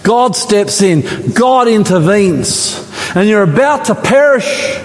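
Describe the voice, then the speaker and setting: A man preaching a dramatic sermon in a church, his voice rising higher and louder at the climaxes. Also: animated, takes it slowly. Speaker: pastor. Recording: church hall with long reverb.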